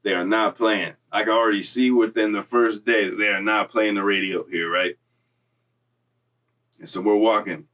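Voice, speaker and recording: A young man casually recounting a story in street slang, animated and full of acted-out quotes, from Florida. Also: fairly low pitch, moderate pace, far from the mic. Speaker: storyteller recounting prison time.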